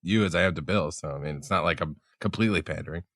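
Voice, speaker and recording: A man chatting casually as the podcast's producer, giving quick offhand replies. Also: sits low, fairly bright tone, no room sound, clean studio sound. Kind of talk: casual chat.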